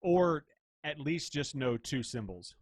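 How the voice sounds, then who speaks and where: A man's voice: on the high side, expressive, slow, slightly rough. A man co-hosting a podcast in casual chat, wisecracking and crude. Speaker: podcast co-host.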